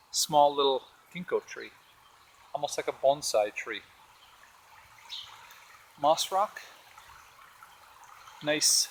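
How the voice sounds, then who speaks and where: A man's voice: mid-range voice, a little hiss or hum, poor audio. A man casually walking through his backyard garden, pointing out rocks and plants as he films. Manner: relaxed, pointing things out as he walks. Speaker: homeowner giving a garden tour. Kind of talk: casual walking video tour. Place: outdoors in a backyard garden by a pond. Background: faint outdoor ambience with birds and a jet.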